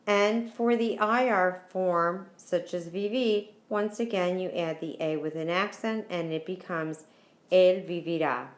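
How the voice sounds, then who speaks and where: A Spanish teacher explains verb endings in a recorded lesson, patiently repeating herself and spelling the endings out letter by letter. Her voice is fairly low and a little slow, with a roomy sound.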